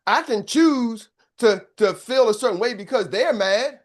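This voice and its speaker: A man's voice: very high-pitched, animated, a little slow. An older man giving a motivational business coaching talk, emphatic and preacher-like, often checking in with his listeners.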